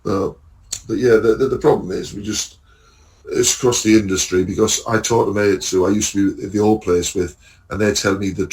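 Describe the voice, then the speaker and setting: Sweary lorry driver telling stories. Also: male voice, on the low side, poor audio. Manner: animated storytelling, acts out dialogue, swears freely. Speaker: lorry driver and podcast guest. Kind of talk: casual chat.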